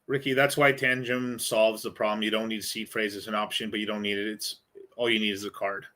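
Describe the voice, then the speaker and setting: A man's voice: on the low side, flat delivery, a little fast, bright, forceful tone. A male host answering viewer questions in a casual livestream, rambling, blunt and full of profanity.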